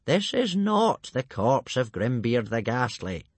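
A man voicing a calm, wise old male elder who speaks slowly and deliberately with a dry wit. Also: mid-range voice, no room sound, full character voice. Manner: slow and deliberate, muttering.

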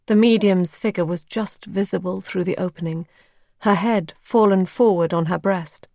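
A woman narrating a story in a measured, even way. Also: fairly low pitch, vocal fry, no room sound.

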